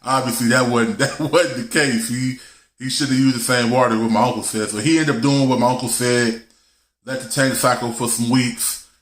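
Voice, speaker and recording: A man's voice: mid-range voice, steady tone, moderate pace, fairly bright tone. A man hosting a live stream, telling a story in a loose, slangy way and laughing as he goes. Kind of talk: casual storytelling chat. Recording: roomy echo.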